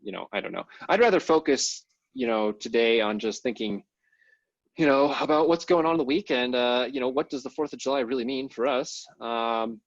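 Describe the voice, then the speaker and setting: A man's voice: medium pitch, normal speed, no room sound. Rambling man, lo-fi podcast audio. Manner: rambling, many fillers and hedges. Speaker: podcast co-host. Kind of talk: casual political discussion. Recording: dull lo-fi sound.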